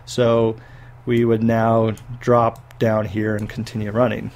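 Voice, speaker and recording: A man's voice: lowish voice, completely flat delivery, slow, darkish tone. A man giving a recorded university programming lecture, explaining step by step and often checking in with "okay". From United States.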